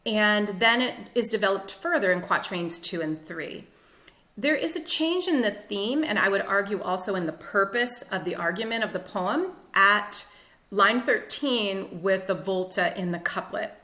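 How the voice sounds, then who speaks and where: A woman literature teacher explaining a sonnet in a clear, methodical lecture. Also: medium pitch, bright, forceful tone, echoey room. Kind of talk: lecture-style poetry analysis.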